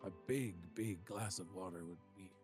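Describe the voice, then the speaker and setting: A man's voice: low-pitched, moderate pace, a little mellow, soft background music, natural voice. A man doing a huge polite goliath. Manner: polite, formal and courteous. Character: huge gentle male goliath, polite and hungry.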